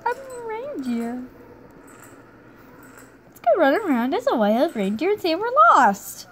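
A young woman giving excited gameplay commentary, giggling and squealing with delight as she plays. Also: very high voice, slow, long pauses, a little hiss or hum, low-quality recording. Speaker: gaming video creator. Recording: game music playing behind.

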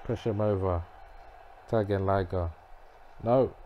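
Slow-talking man reacting to a game. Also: deep voice, steady tone, dull audio, a little hiss or hum. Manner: reactive, muttering to himself, bursts of frustrated yelling. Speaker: gamer playing a wrestling game. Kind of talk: live gameplay commentary.

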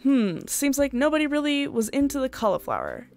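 Chatty woman gamer, fairly high voice. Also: huge pitch swings. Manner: chatty, rambling, quick to laugh and swear. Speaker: gaming streamer. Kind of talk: let's play commentary.

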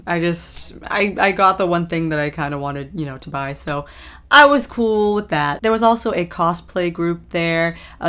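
A young woman vlogger chatting casually through a recap, rambling with lots of ums and likes and quick laughs. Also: on the low side, fairly bright tone.

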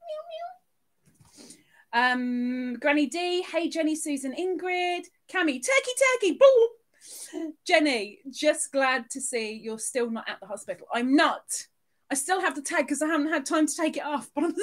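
A woman hosting a live stream, reading out viewers' names and chatting casually, with plenty of giggles. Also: high-pitched. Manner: bubbly, giggly, reading chat names aloud.

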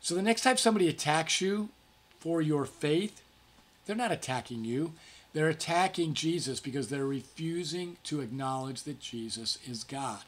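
A man with a slightly raised pitch teaches through scripture as a pastor, in a relaxed, conversational devotional manner. He keeps checking in with his listeners and animates the quoted lines of the story. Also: normal speed. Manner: conversational, frequent "okay?" check-ins; acts out quoted speech with livelier pitch.

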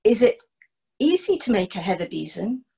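A woman voicing Archie, an excited, curious young male farmhand in a storytelling performance. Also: medium pitch, normal speed, creaky, slightly rough, exaggerated voice. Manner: excited, wide-eyed questioning.

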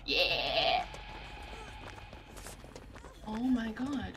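Excitable young woman streamer. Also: high-pitched, measured pace, noisy background. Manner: excitable, panicky, often shrieking and laughing. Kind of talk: live gameplay commentary.

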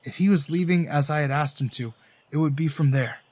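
Male first-person narrator, slightly high, earnest and dramatic, dry booth sound. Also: a little fast, darkish tone, no echo. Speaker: story narrator.

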